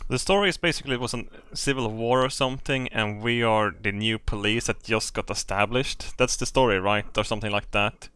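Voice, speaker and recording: A man streaming a video game, chatting casually, loud and profane. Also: lowish voice, fairly quick, hardly any pauses, clean tone, no echo. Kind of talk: casual gameplay commentary.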